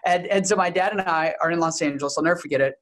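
Speaking quickly in a voice a touch high and a little bright, this young man from Texas is a guest giving an interview answer. Briskly, almost like a lecturer, he presents findings alongside stories from his own life.

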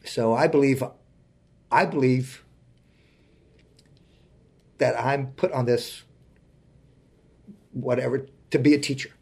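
A man in his forties, a guest in an interview, telling a personal story in an earnest, heartfelt way that often sinks to a quiet voice. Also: medium pitch, steady tone, takes it slowly, creaky, long pauses.

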